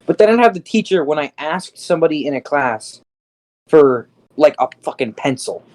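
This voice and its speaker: A man's voice: fairly high pitch, animated, moderate pace, a little mellow, poor audio. A teenage guy on a podcast, ranting about an old teacher. He rambles, cusses freely and stumbles over his words in loose, casual chat. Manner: rambling and profane, with fillers. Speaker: podcast co-host.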